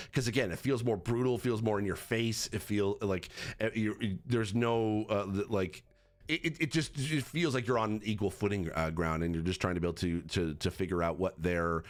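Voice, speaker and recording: Man, low-pitched, casual game reviewer, halting and rambling delivery full of fillers. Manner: rambling with many fillers and restarts. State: has the hiccups. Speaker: gaming accessibility reviewer.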